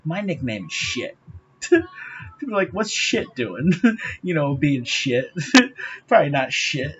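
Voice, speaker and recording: A man's voice: fairly high pitch, wildly swooping pitch, slow pace, a bit bright, dull audio, a little hiss or hum. A man talking straight to his viewers in a rambling, profane monologue, laughing often. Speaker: vlogger.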